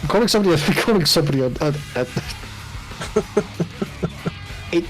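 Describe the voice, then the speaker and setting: A man's voice: on the high side, animated, moderate pace, over music, rough recording. A chatty British man hosting a casual painting stream, laughing often. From United Kingdom. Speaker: stream host.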